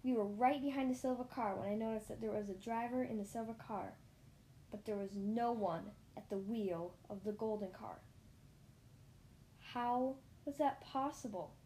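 A woman narrating a children's story in the first person, lively, with small slips and restarts. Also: a little high, moderate pace, a little hiss or hum. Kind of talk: reading a children's story aloud.

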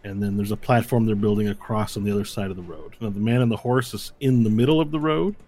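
Guy gm-ing a tabletop game, laid back, lots of ums. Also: fairly low pitch. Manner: relaxed, halting descriptions with fillers. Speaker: game master.

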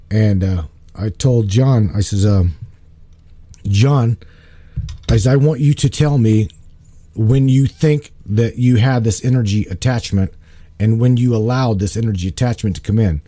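A man talks in a loose, storytelling way, restarting and repeating words as he gets worked up, and throws himself into the quoted lines. His voice is dark and mellow, and the recording is dry and close, with no room sound. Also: lowish voice, unhurried, dry recording. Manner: animated, repeats words, acts out quoted dialogue. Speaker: guest telling of spiritual work. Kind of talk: casual storytelling chat.

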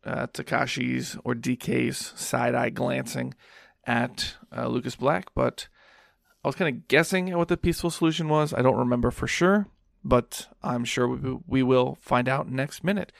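A man's voice: mid-range voice, normal speed, vocal fry, no room sound, clean studio sound. A man hosting a podcast alone, recapping a film scene in a rambling, casual way with lots of fillers. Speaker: podcast host.

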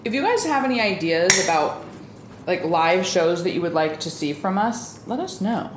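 A woman's voice: fairly low pitch, expressive, moderate pace. Chatty woman podcast co-host in a kitchen. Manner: chatty, talks while eating, with mouth full. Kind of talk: casual chat. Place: small home kitchen. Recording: echoey room with faint ambient noise.

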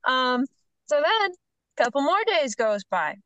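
A middle-aged woman with a somewhat high voice tells a story with lots of animation, playing out each person's lines and laughing as she goes. The sound is close and dry, with no room around it. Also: slow pace, dry recording, muffled recording. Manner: animated storyteller, acts out the other people's lines, laughs between phrases. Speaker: horse trainer, podcast guest. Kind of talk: casual storytelling chat.

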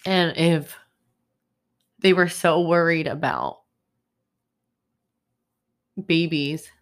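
A young woman talks through a solo podcast episode in a low, unhurried voice. She rambles in a loose stream of consciousness, filling gaps with "um" and "like". Her tone stays upset and indignant throughout. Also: creaky. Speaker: podcast host. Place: home in Boston.

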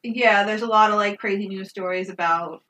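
Bright-voiced animated woman podcaster. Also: mid-range voice, moderate pace, recorded from a distance, slight background noise. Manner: animated, swears freely, laughs often. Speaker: podcast co-host reviewing a film. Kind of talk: casual chat.

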